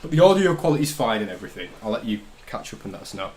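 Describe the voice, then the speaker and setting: A man's voice: fairly low pitch, big pitch swings, racing, darkish tone, slight background noise. Joking, swearing man hosting a stream. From north of England. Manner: swearing, joking banter with frequent laughs. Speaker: livestream host. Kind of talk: casual drinking-stream chat.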